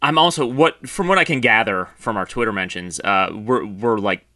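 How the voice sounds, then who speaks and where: A man's voice: lowish voice, moderate pace, no room sound, studio quality. A man co-hosting a football podcast in casual chat, laughing often and joking. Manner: laughs often, jokey and animated. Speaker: podcast co-host.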